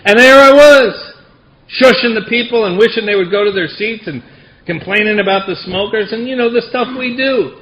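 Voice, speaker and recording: A man's voice: high-pitched, normal speed, a bit bright, low-quality recording. A middle-aged man giving a personal story at a recovery meeting, wry and self-deprecating. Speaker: AA speaker. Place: meeting hall.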